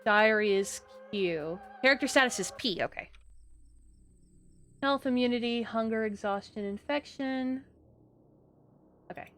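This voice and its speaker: A young adult woman streaming a game live, chatting and muttering to herself with sudden high outbursts. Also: a little slow, pauses often, fairly bright tone, soft background music. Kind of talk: live gameplay commentary.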